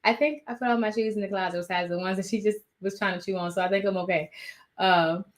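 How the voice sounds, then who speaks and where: A woman hosting a casual live stream from her home office, animated and rambling as she talks to viewers. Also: medium pitch, fast.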